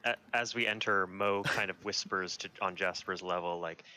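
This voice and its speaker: A man playing a tabletop game, describing his character's actions with halting restarts. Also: low voice, steady tone, pushed and bright. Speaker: player. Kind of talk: casual tabletop game play.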